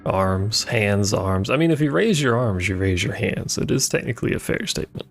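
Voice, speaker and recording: A man's voice: fairly low pitch, normal speed, few pauses, faint music behind. A man streaming a video game, chatting casually with rambling, playful asides. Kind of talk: casual gameplay commentary.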